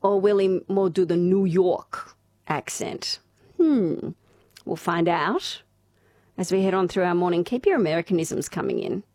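An Australian woman hosts morning radio in a chatty, easygoing way, laughing and reading out texts from listeners. Her voice sits a little low for a woman. The studio sound is dry and close, with no room around it. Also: measured pace, darkish tone, no echo. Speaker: radio host. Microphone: studio microphone.

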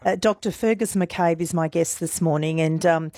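A woman hosting a radio interview, gently reassuring her guest and recapping events for listeners. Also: fairly low pitch, moderate pace, no echo, studio quality. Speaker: radio host.

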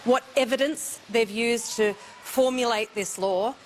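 A woman's voice: a little high, a little slow, slight background noise. A woman, a senator, giving an emphatic, critical statement to the press.

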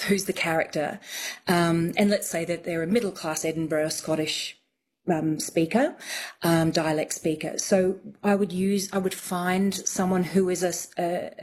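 A woman dialect coach being interviewed on radio, explaining things clearly and methodically. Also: fairly low pitch, darkish tone, a little hiss or hum.

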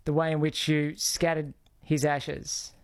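A man's voice: a little high, little pitch movement, a little slow, dry recording. Aussie radio host guy, friendly chatty, dry close mic. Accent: Australian. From Australia. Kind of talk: talk radio hosting.

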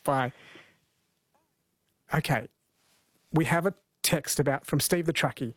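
A chatty radio host, a man from New Zealand, talks with a fairly high voice while he fields calls and reads messages aloud. The studio sound is close and dry, with no room around him. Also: measured pace, fairly bright tone, no room sound. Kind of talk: casual live radio chat.

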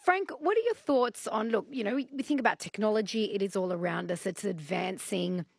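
A woman hosts a radio interview, asking curious, friendly questions. Her voice is gravelly and a little husky. The studio sound is dry and close. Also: medium pitch, a little fast, no room sound. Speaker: radio host. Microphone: studio microphone.

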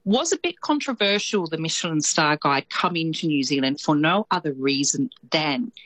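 A woman with a low, deep voice and an Australian accent chats her way through a radio report. She is lively and quick to laugh. The sound is close and dry, with no room around her. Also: no echo, low-quality recording. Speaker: radio correspondent. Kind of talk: casual radio chat.

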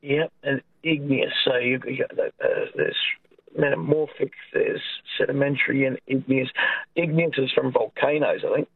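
A man's voice: medium pitch, steady tone, moderate pace, gravelly, husky, no echo. Hesitant man on a phone line. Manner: hesitant, restarts often. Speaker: caller. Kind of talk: phone-in chat.

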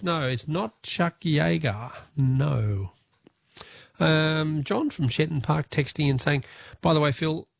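A man's voice: mid-range voice, vocal fry, husky, dry recording, clean studio sound. A jovial, chatty Australian man hosting a radio quiz and talkback show. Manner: jovial, chatty, quick to laugh.

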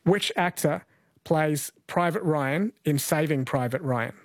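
A man hosting a live radio quiz, brisk and chatty. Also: on the high side, no room sound.

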